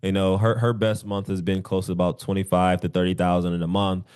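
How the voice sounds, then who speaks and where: A young man coaching insurance agents on a call, animated, acting out sample phone calls. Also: sits low, brisk, clear, resonant tone. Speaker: sales coach.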